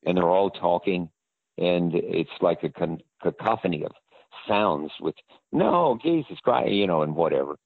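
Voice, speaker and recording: A man's voice: low-pitched, steady tone, normal speed, dry recording. An older man, an actor guest in an interview, telling rambling anecdotes. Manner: rambling storyteller. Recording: tinny phone-line audio.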